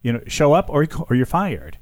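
A man hosting an opinion talk show, animated and indignant, calling his listeners folks. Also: on the high side, moderate pace, dry recording. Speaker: host. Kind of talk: opinion talk radio commentary.

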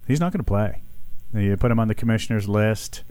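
A man's voice: fairly low pitch, fairly quick, no echo. Indignant talk radio host man. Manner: animated, indignant, addresses listeners as folks. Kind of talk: opinion talk radio commentary.

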